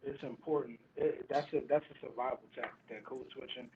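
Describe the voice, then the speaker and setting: A man joining a casual podcast discussion as a guest, speaking in a thoughtful, halting way with frequent ums. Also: mid-range voice, fairly even intonation, gravelly, slight background noise. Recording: tinny phone-like remote line.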